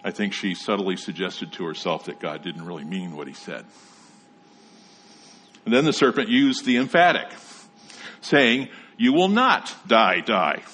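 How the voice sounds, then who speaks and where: Husky-voiced man preaching a sermon. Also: on the low side, fairly bright tone. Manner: measured Bible teaching with read scripture. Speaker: pastor.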